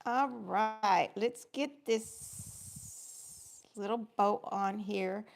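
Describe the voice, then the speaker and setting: A woman's voice: medium pitch, extremely slow, creaky. A middle-aged woman, chatting through a craft demonstration livestream and greeting viewers by name.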